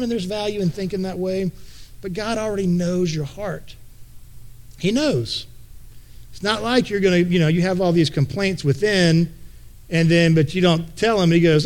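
A man's voice: high voice, normal speed, darkish tone. A male pastor preaching a conversational sermon in a folksy way, often repeating words as he thinks aloud.

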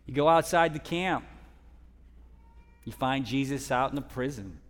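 A man of middle pitch preaches a sermon in a church hall, with a long reverb trailing his words. He tells his story dynamically, sinking to near-hushed tones and then lifting his voice for emphasis. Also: measured pace. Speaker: guest preacher.

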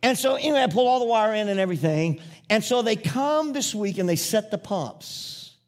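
Guy preaching, pretty high voice, rambles a story then hammers his points over and over. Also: expressive, moderate pace. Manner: rambling storyteller, building to emphatic repetitive preaching. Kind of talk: sermon.

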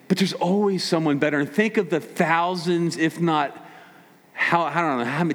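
Male pastor, sermon, high voice, animated and conversational, long hall reverb.

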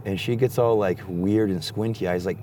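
A man's voice: fairly low pitch, moderate pace, a little hiss or hum. A young man telling a rambling, profane story in casual chat and acting out what people said. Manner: rambling, animated, heavy swearing, acts out quotes.

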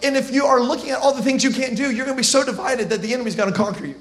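High-voiced animated male preacher. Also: very fast. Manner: animated, humorous storytelling with slang. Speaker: pastor. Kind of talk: sermon.

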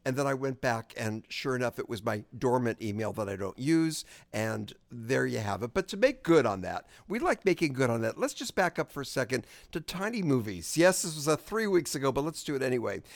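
A man's voice: mid-range voice, very animated, fairly quick, gravelly, few pauses, dry recording. A man co-hosting a podcast in casual chat, joking and rambling as he reads a listener's email. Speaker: podcast co-host.

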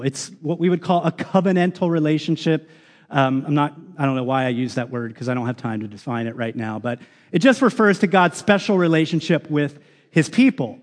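A man, a pastor, preaching a sermon, earnestly reading out scripture verses with frequent ums. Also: a little high. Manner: earnest, reads scripture aloud with many ums. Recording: long reverb of a large hall.

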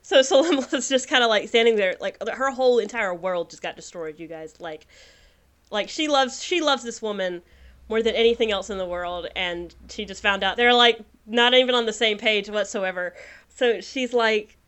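A woman's voice: mid-range voice, normal speed, fairly bright tone, clear, resonant tone. A woman narrating as game master of a tabletop game, casual and slangy.

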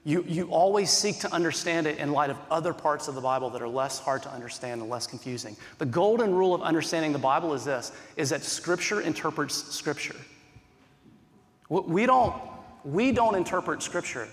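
A man's voice: on the high side, animated, fairly quick, long reverb tail. A male pastor preaching a sermon in an earnest, conversational way, asking many rhetorical questions.

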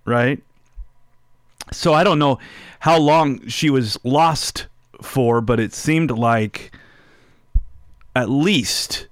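A man preaching a sermon, telling a family story in a chatty way, asking the listeners questions and going soft and slow on key lines. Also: medium pitch, no room sound, clean studio sound. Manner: conversational, asks listeners rhetorical questions.

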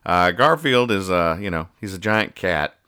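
A man's voice: sits low, expressive, moderate pace, pushed and bright, clear, resonant tone, no echo, studio quality. A man hosting a casual podcast where he reads the comics, rambling and joking with many restarts. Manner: rambling, jokey, stumbles and restarts. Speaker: podcast host. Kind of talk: casual comic-reading chat.

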